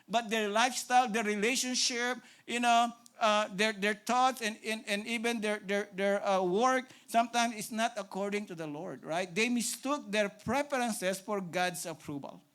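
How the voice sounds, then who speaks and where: Filipino male pastor, high voice, emphatic sermon delivery swinging from loud to hushed. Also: clear, resonant tone. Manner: emphatic, repeats phrases, asks "right?" often; shifts between loud preaching and hushed pleading.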